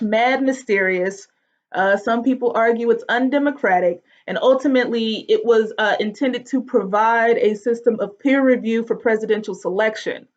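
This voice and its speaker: A woman's voice: fairly high pitch, dull audio. A woman giving a casual lecture, chatty and slangy, often asking the class questions.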